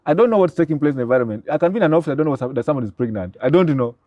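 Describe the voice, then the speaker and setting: Brief: excitable older Ugandan professor, rapid animated storyteller, voices his own dialogue. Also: a little high, no room sound, highs cut off. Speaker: guest, pharmacy professor.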